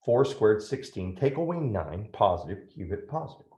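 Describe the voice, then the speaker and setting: A man's voice: fairly low pitch, very animated, normal speed, mellow, roomy sound. A man teaching a math lesson step by step, often checking in with "right?".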